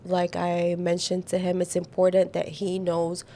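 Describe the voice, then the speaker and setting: Woman, young adult, podcast guest, gravelly voice, animated casual chat. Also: on the low side, a little hiss or hum. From United Arab Emirates and the Philippines. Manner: animated, quick storytelling with many fillers.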